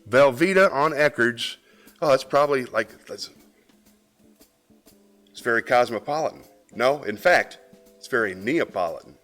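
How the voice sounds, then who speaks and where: A man hosting a casual live stream, his voice lively and bouncing up and down in pitch as he jokes with the chat. He talks in a playful, rambling way, with faint music playing behind him. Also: a little slow, pauses often. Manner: playful, jokey, reads chat comments aloud. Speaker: host of a live variety stream.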